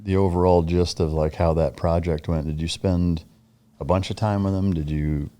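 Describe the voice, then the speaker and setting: A man's voice: sits low, steady tone, moderate pace, dark tone. A man hosting a podcast, asking a guest short, probing questions. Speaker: podcast host. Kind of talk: interview questions.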